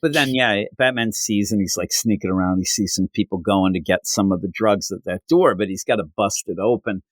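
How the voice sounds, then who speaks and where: A man's voice: on the low side, fairly quick, no echo. A man co-hosting a podcast, chatting casually about comics and acting out the characters' lines as he retells the story. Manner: animated, acts out characters' lines while retelling. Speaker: podcast co-host. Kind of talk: casual comic book discussion.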